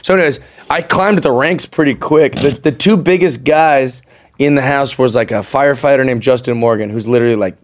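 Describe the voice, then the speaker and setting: A man telling lively stories as a guest on a podcast, chatting casually and laughing along with his own tales. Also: medium pitch, a little fast. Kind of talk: casual storytelling chat.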